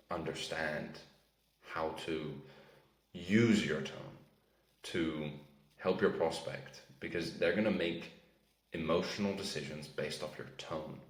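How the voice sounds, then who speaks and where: A man's voice: a bass voice, reverberant, poor audio. A man coaching on sales in a casual teaching talk, often checking in with "right?" and "okay?". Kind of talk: instructional talk to camera.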